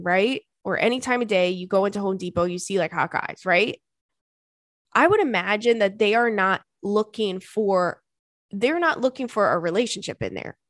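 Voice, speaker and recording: A woman's voice: medium pitch, no echo, studio quality. A young woman hosting a casual comedy podcast, reading listener emails aloud and riffing with swearing and frequent laughter. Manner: animated, swears, laughs often.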